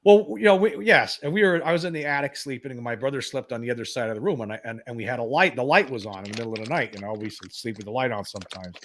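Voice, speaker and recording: A man in his fifties shares a personal experience as a guest. He talks in halting bursts, restarting and repeating words as he goes, at a mid pitch. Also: a bit bright.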